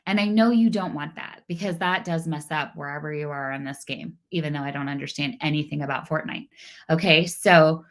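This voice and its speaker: Animated woman speaker, lowish voice. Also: fairly quick. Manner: animated, acts out dialogue with her kids. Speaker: parenting speaker. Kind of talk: casual talk to an audience.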